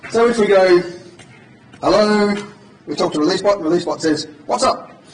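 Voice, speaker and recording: A man's voice: sits high, rapid-fire, darkish tone. A man at a conference giving an informal, joking live coding demo to an audience in a large hall. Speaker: conference speaker. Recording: echoey hall from far off.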